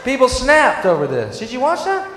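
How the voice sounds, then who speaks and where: A man rants on a comedy stage, sarcastic and biting, swinging up into shouts. His high voice moves widely, and it rings in a large, echoey hall. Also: huge pitch swings, moderate pace, a crowd in the background. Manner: sarcastic ranting that bursts into shouting. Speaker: stand-up comedian. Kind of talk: stand-up rant. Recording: echoey hall with faint noise.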